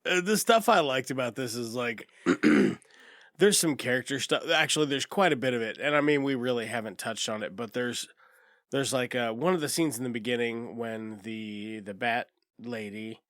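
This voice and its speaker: A man's voice: medium pitch, moderate pace, a bit bright, dry recording, studio quality. A man co-hosting a casual movie review podcast, swearing freely, laughing often and acting out lines from the film. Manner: profane, laughs often, acts out characters. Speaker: podcast co-host.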